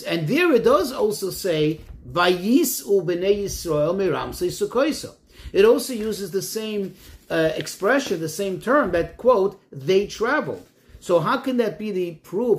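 A man, a rabbi, teaching a Torah lesson, posing questions and quoting Hebrew verses before translating them. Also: high-pitched. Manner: animated, rising and falling emphasis.

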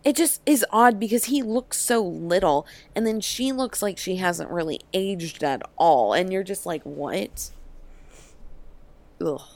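A young woman co-hosting a podcast in casual chat, animated and full of fillers and quick asides. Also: mid-range voice. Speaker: podcast co-host.

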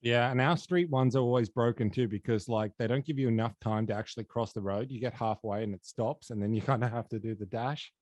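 A man's voice: medium pitch, fast talker, hardly any pauses, darkish tone, no room sound. A man hosting a podcast, chatting casually with lots of fillers. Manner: rambling, many fillers and restarts. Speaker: podcast host. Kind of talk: casual interview chat.

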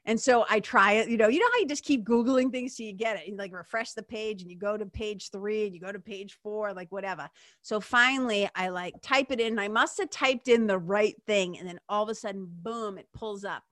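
This show host speaks at a medium pitch, a little fast and a bit bright, recorded in studio quality without echo. She shares a personal story in a casual monologue, addressing listeners directly with emphatic chatter and plenty of "like" and "you know."

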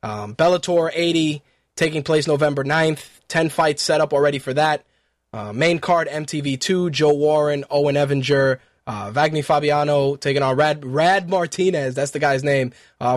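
A man's voice: on the high side, fairly even intonation, normal speed, dry recording, studio quality. A man hosting an internet radio talk show in a casual, chatty way, with loose swearing and a run of fight news. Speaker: podcast host.

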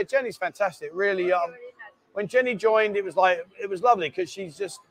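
High-voiced man, chatty host. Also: fairly bright tone. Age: 50s. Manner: banter, reading out viewer comments. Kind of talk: casual live-stream chat.

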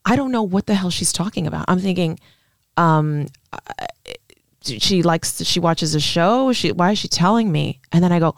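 A woman's voice: lowish voice, normal speed, creaky, no room sound, clean studio sound. A woman in casual podcast conversation, telling an emotional story and acting out the lines of the people in it. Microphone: studio mic.

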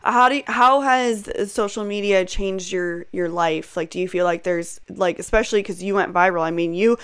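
A woman's voice: mid-range voice, normal speed, fairly bright tone, clear, resonant tone. A woman interviewing a guest in a casual conversation, asking loose, encouraging questions.

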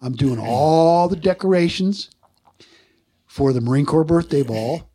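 Older male guest, husky and fairly high-voiced, animated raconteur, conversational interview. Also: measured pace. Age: 60s. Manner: animated storyteller who acts out other people's voices. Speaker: guest, former Marine combat artist. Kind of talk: casual interview storytelling.

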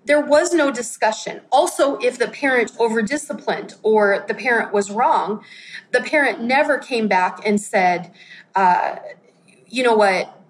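A woman's voice: on the high side, lively intonation, a little slow, low-quality recording. A woman in her forties giving a candid, conversational sermon and acting out her own quotes. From United States. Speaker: pastor.

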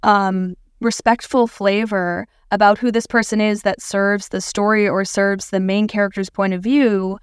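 A measured woman narrator weighs her words on a podcast. Her voice is smooth and resonant, and the sound is dry and close with no room behind it. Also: mid-range voice, level tone, dry recording. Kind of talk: podcast conversation.

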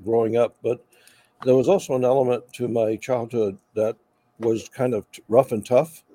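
A man's voice: medium pitch, steady tone, moderate pace, no echo. An older man from South Carolina with a slight Southern accent, telling his story in a casual interview with wry humor. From Charleston, South Carolina. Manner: warm, wry, self-deprecating humor. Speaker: guest, veteran.

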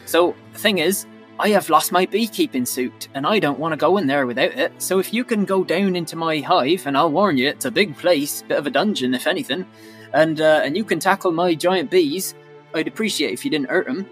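A man's voice: on the high side, fairly quick, fairly bright tone, soft background music, natural voice. A man voicing a rambling, digressive old male halfling beekeeper with a West Country accent. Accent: West Country English.

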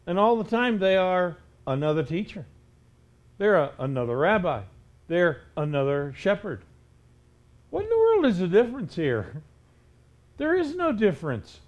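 A man's voice: sits high, huge pitch swings, moderate pace, long pauses, dull audio. A male preacher delivering a stern sermon, pressing his listeners with rhetorical questions.

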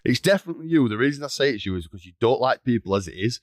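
A man's voice: medium pitch, lively intonation, very fast, no echo, clean studio sound. A young man, co-hosting a podcast in casual joking chat, teasing his friend and laughing a lot. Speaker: podcast co-host.

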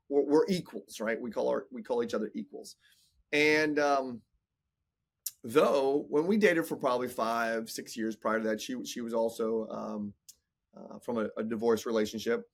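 A man in his forties, a business coach talking in a casual podcast interview, emphatic and motivational, often repeating words. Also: mid-range voice. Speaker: business coach and entrepreneur guest.

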